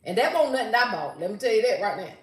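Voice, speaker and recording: A woman's voice: fairly high pitch, very animated, fast. An older woman, hosting a casual live stream and chatting sassily with viewers, reading their comments aloud. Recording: roomy echo.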